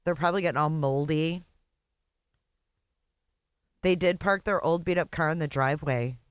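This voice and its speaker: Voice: mid-range voice, moderate pace, clear, resonant tone, no room sound. A host reacting to clips with profane, sarcastic, laughing commentary.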